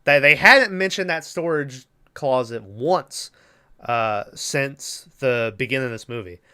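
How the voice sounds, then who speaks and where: With a mid-range voice that sounds pushed and bright but smooth, a man co-hosting a podcast walks through a movie's story at a measured pace. His talk is loose and profane, and he voices the characters' lines himself.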